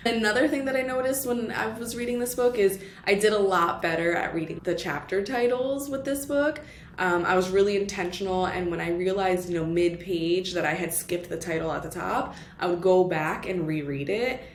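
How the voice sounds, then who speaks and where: A woman's voice: on the low side, moderate pace, slight background noise. Chatty woman talking books in an echoey room. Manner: chatty, lots of "like" and "you know" fillers; mixes in Spanish phrases. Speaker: book vlogger. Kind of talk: casual book review chat. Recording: echoey room with faint ambience.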